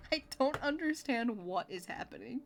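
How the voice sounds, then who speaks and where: Giggly, expressive woman streamer, lively pitch. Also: measured pace, creaky, slight background noise. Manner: giggly and expressive, laughs often, playful complaining. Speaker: livestreamer playing a video game. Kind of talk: casual gameplay chat with viewers. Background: faint game music.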